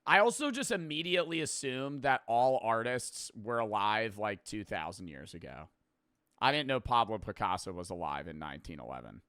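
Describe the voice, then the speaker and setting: A man's voice: on the low side, very animated, normal speed, sharp tone, no echo, clean studio sound. A man hosting a video reaction, rambling casually, swearing freely and laughing at himself. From United States.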